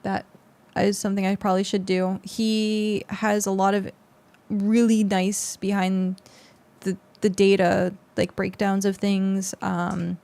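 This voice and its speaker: A woman's voice: mid-range voice, flat delivery, slow, vocal fry, hardly any pauses, darkish tone. A young adult woman streamer chatting casually with her viewers on a close mic, rambling with lots of fillers. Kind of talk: casual livestream chat with viewers.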